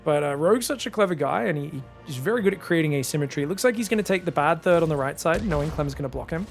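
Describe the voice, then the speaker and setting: A man giving solo esports commentary in a chatty, joking way with excitable asides. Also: a little high, very fast, vocal fry, soft background music. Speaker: esports caster.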